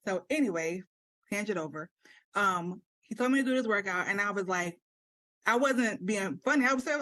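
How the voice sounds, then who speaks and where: Young woman, podcast co-host, dramatic storyteller, mid pitch, dry close sound. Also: a little fast, no room sound. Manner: animated storyteller, acts out quotes dramatically. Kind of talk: casual chat.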